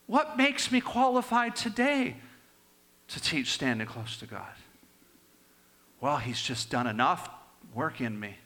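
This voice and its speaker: Older male preacher, lively swings from raised to hushed, very expressive pitch. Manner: animated, swinging between raised and hushed delivery. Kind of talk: sermon with personal storytelling.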